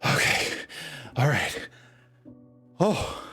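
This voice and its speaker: A man voicing an exhausted, frail male wizard who is out of breath and stammers haltingly. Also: sharp tone, soft background music. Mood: shaken.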